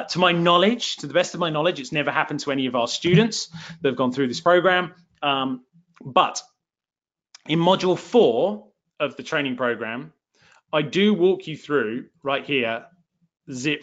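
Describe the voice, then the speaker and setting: A man's voice: fairly high pitch, a bit bright, muffled recording. A man with a southern English accent hosting a live webinar for his online course, chatty and self-deprecating, with lots of fillers. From England.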